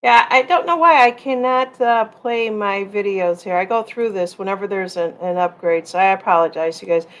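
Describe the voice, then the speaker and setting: A woman's voice: mid-range voice, normal speed, hardly any pauses, fairly bright tone. A middle-aged woman hosting a casual livestream, rambling and reading out viewer comments. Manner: rambling, chatty, reads viewer comments aloud. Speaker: livestream host.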